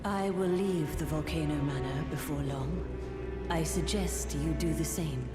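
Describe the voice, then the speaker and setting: An actress voicing a solemn, devoted female servant of a fallen lord, speaking formally and gravely in a video game. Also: low voice, measured pace. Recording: game audio, echoey with loud music.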